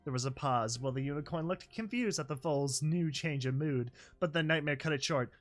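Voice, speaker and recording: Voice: medium pitch, brisk, hardly any pauses, faint music behind. A story reader narrating a fan story and breaking off for chatty, joking commentary. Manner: chatty asides, laughs at the story.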